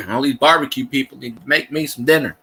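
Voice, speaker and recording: A man from Louisiana with a Cajun accent hosts a casual livestream, telling rambling stories full of restarts and the odd swear. His medium-pitched voice is a little fast, sharp-toned and slightly rough, and the recording itself is rough.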